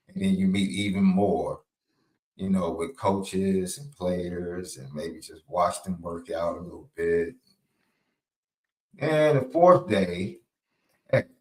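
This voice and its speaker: A man from Chicago co-hosting a casual sports podcast, talking in an animated, folksy way. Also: low-pitched, echoey room. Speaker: co-host.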